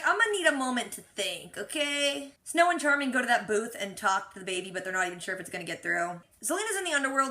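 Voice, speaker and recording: Bright-voiced chatty woman recapping TV. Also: medium pitch. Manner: chatty, frank and opinionated, with casual slang. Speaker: reaction vlogger. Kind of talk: casual TV episode recap.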